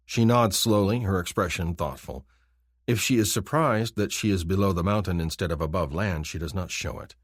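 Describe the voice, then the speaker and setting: A man narrating an audiobook in a measured, even storytelling manner. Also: low-pitched, slightly rough, no room sound, studio quality. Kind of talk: scripted narration.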